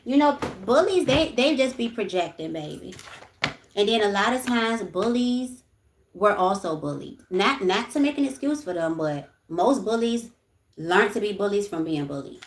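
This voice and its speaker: Animated, profane woman livestreamer. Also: mid-range voice, normal speed, roomy sound, a little hiss or hum. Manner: blunt, profane, swings from ranting to soothing. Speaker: livestream host. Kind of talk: casual livestream chat.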